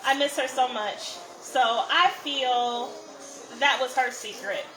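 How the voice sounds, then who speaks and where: A high-pitched woman hosts a live cooking stream, talking easily to her viewers while she works. She is recorded on a phone in an echoey kitchen, with steady background noise underneath. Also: takes it slowly. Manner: chatty, greets viewers by name while cooking. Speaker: cooking show host. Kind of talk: live cook-along chat.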